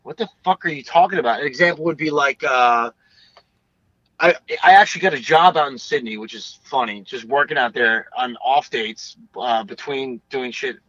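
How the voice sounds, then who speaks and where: A man's voice: mid-range voice, normal speed, bright, forceful tone, no room sound, muffled recording. A young man chatting casually as an interview guest, rambling and swearing freely. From United States. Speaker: guest bassist.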